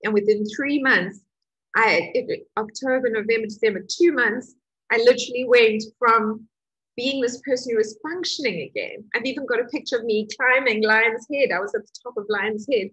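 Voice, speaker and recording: Middle-aged woman, slightly high husky voice, emotional storytelling talk, gets animated. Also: moderate pace, dull audio. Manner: emotional, animated retelling with laughs. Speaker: healing course teacher.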